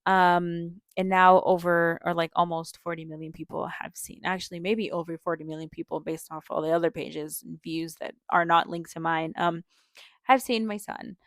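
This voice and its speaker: This podcast host is a young woman whose fairly low, steady voice moves at a normal speed. Recorded cleanly in a studio with no room sound, she recounts something personal in a casual, heartfelt way, laughing lightly often and filling gaps with "like" and "um."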